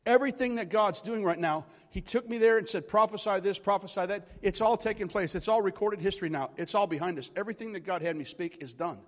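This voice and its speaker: High-voiced preacher in a reverberant hall. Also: male voice, fast talker, few pauses, fairly bright tone. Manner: impassioned storytelling, acting out dialogue with God. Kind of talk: sermon.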